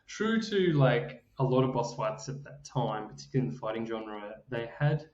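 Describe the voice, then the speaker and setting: A man's voice: mid-range voice, animated, normal speed, a little mellow. A man with an Australian accent, co-hosting a podcast in casual chat and animatedly telling stories, acting out quotes and laughing often. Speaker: podcast co-host. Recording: roomy, slightly dull podcast audio.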